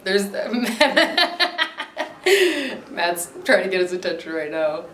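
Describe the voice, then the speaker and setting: In an echoey room, a young Maryland woman who owns a dog gives a relaxed, chatty documentary interview, laughing readily and using plenty of fillers. Her voice sits lowish with a steady tone and a fairly quick pace, and there's a little hiss or hum.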